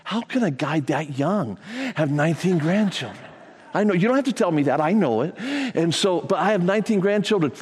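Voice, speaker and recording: Older male preacher, fairly high voice, folksy storyteller with repetitions, large hall with long reverb. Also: lively intonation, fairly quick. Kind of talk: sermon.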